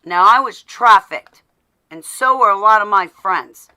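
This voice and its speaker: A woman's voice: mid-range voice, animated, measured pace, sharp tone, smooth. A woman vlogger in a rambling, sarcastic live video from home, greeting viewers by name as she talks. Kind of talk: casual rambling political rant.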